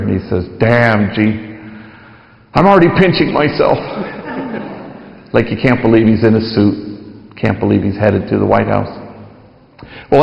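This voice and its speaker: A man speaking as a priest, telling a story to an audience with lively acted-out quotes. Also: fairly low pitch, creaky. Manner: animated storytelling, acting out quoted voices. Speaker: priest giving a talk. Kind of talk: storytelling lecture. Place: large lecture hall. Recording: echoey hall, dull lo-fi sound.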